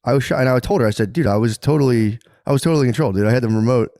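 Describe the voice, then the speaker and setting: A man co-hosting a podcast, telling a crude story in excited casual chat, swearing a lot and yelping his own reactions in a high voice. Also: racing, dry recording, clean studio sound. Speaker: podcast co-host.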